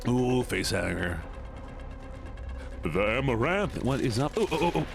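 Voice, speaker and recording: A man streaming a game, commenting in an excitable, goofy, joking way. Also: mid-range voice, measured pace, creaky, noisy background. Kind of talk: gaming livestream commentary.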